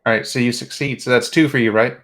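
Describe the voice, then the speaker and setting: A man at a mid-range pitch runs a tabletop game and hands out rulings in a calm, matter-of-fact way. A faint hiss of background noise sits under his voice. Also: fast. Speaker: game master.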